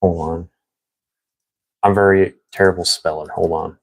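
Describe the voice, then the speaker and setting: A young man with a very deep, low, creaky voice chats casually, rambling and piling up fillers. His tone stays steady and he's unhurried. The recording is dry and close, with no room sound.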